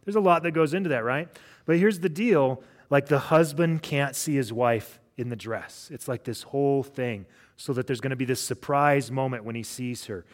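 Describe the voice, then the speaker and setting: A man's voice: medium pitch, normal speed. A middle-aged man, a pastor, preaching a conversational sermon and telling stories, often restarting his sentences. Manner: casual storytelling with frequent restarts.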